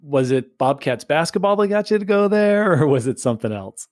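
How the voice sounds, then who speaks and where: A man's voice: a little high, big pitch swings, brisk, darkish tone, no echo. A man hosting a podcast interview, friendly and jokey, often restarting his sentences. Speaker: podcast host. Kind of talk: casual interview.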